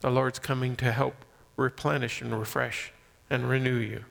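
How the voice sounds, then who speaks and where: A man preaching a sermon, swinging from loud emphasis to soft near-whispers. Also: mid-range voice, little pitch movement, moderate pace, creaky, long reverb tail. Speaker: pastor.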